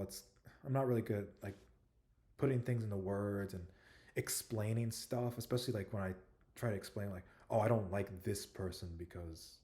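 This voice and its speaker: A young man talks to camera about his own past in a loose, halting ramble, leaning on "like" and "you know" as he hunts for words. His voice sits a bit low and sounds mellow and soft, with a self-conscious, soft-spoken delivery. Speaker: vlogger telling his life story. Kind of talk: casual personal storytelling to camera.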